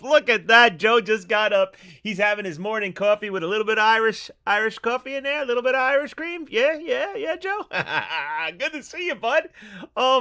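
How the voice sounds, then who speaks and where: A man hosting a casual livestream, chatty and excitable, greeting viewers by name. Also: high voice. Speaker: show host.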